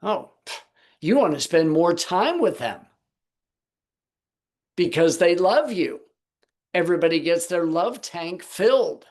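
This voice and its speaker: A man's voice: high voice, animated, takes it slowly, long pauses, a little mellow. A man teaching the Bible on a Sabbath video call, posing rhetorical questions to his listeners.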